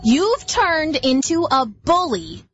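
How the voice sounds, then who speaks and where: A woman voicing Mother Nature, a powerful female spirit who speaks slowly and sternly. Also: sits high, very animated, no echo, lo-fi sound, pitched above the performer's own voice, exaggerated voice.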